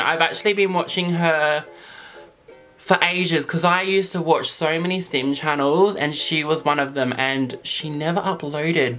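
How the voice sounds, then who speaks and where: An Australian man chatting excitedly to camera as a makeup vlogger, gushing over products. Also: a little high. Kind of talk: casual chat to camera.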